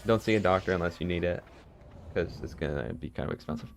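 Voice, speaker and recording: Deep-voiced man joking on stream. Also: fast talker, gravelly, a little hiss or hum. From United States. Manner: joking, chatting to viewers. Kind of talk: live gameplay commentary.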